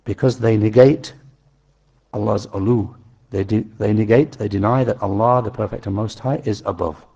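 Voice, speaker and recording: A man teaching a religious study class, explaining slowly and repeating key phrases for his listeners. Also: on the low side, vocal fry, dark tone, husky, lo-fi sound.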